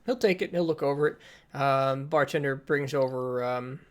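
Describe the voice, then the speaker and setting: A man narrating a tabletop game as game master, casual and halting. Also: mid-range voice. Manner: casual, halting, many fillers.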